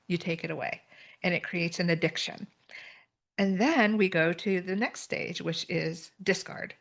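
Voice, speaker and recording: A woman's voice: fairly low pitch, fairly bright tone. A middle-aged woman telling her own story as a podcast guest, candid and earnest, explaining terms with plain examples. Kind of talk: personal story in a podcast conversation.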